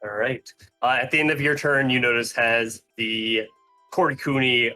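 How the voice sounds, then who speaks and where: Bright-voiced man running a tabletop game. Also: medium pitch, steady tone, moderate pace, soft background music. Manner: rambling, many fillers and restarts. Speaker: game master. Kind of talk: narrating a tabletop game over a call.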